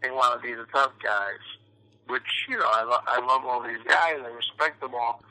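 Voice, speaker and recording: A man's voice: medium pitch, moderate pace, sharp tone, poor audio. A man from New York, an actor guest chatting casually in an interview, rambling with lots of fillers and restarts.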